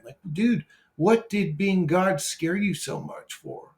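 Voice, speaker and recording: A man's voice: high-pitched, slow, darkish tone. A brash man who swears freely, rambling casually as he replies to viewer comments. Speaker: YouTuber replying to comments.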